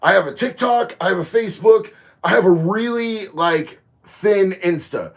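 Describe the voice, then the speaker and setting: A man, chatting casually on a livestream, reading viewer comments and getting loud and emphatic on his opinions. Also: high voice, normal speed, gravelly. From Florida. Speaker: livestream host.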